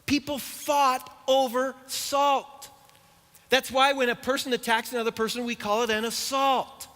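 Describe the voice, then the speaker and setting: A middle-aged man preaches to a church congregation in an unusually high, bright voice. He keeps it conversational, with dry humor and rhetorical questions. His words ring out with the long reverb of a church auditorium. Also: little pitch movement, unhurried. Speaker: pastor. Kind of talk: sermon.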